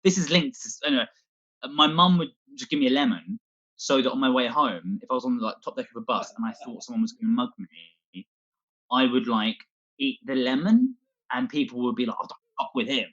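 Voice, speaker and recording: A man's voice: mid-range voice, lively intonation, fairly quick, a bit bright, muffled recording. A man doing a scattered, self-deprecating stand-up set from home, swearing a lot as he talks. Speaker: stand-up comedian. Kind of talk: rambling online stand-up set.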